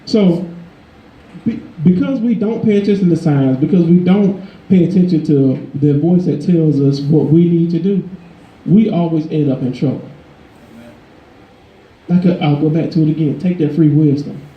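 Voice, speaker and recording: A man preaching a sermon in a conversational, emphatic way, his voice climbing higher when he drives a point home. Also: moderate pace, pauses often, roomy sound, lo-fi sound. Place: church.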